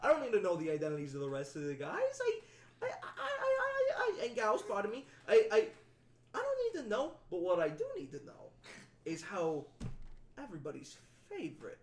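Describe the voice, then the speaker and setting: A sly middle-aged con man shopkeeper, put on by a woman running a tabletop game, oily and stammering. The voice leaps up and down in pitch as he wheedles. It is caught from a distance in an echoing room with a faint hiss behind it. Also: huge pitch swings, fairly quick. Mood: wheedling. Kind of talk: tabletop game role-play. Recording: roomy echo, distant from mic.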